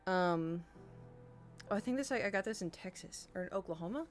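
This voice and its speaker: A woman's voice: medium pitch, animated, a little fast, soft background music. A woman streaming from her desk at home, chatting casually, swearing freely and coaxing her cat aloud. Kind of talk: casual live-stream chat. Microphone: desk microphone.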